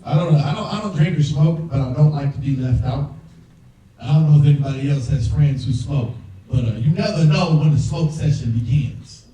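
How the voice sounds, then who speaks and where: A young man performing a stand-up comedy set, telling animated stories and acting out quoted voices, recorded on stage with an audience laughing. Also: fairly high pitch, fairly quick. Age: young adult. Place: stage before a live audience. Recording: roomy hall, distant mic, crowd laughter.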